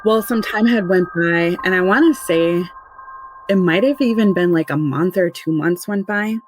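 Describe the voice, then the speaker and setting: A woman's voice: fairly low pitch, normal speed, slight background noise, low-quality recording. A woman casually recounting a frightening family experience, rambling and conversational with many restarts. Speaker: mother telling a true paranormal story. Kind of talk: casual spoken recollection.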